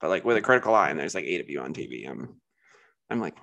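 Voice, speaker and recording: A man's voice: deep voice, big pitch swings, quick pace, vocal fry, bright, forceful tone. Rambling man with blunt opinions. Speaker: podcast co-host. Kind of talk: casual chat.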